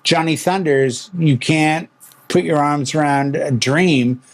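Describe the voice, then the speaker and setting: Middle-aged male host, slightly high voice, lively storyteller who acts out what others said. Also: slow pace. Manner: animated storyteller, acts out quotes. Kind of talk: casual chat.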